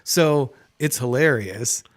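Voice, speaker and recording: A man hosting a podcast, telling a story in a casual, animated way and laughing often. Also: medium pitch, takes it slowly. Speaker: podcast host. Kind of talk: casual chat.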